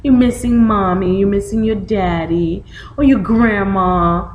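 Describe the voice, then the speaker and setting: A woman's voice: mid-range voice, measured pace, reverberant, lo-fi sound, slight background noise. A woman reading a picture book to young children, asking them questions and acting out reactions. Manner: animated, questioning, acts out reactions. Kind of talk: storytime lesson for young children.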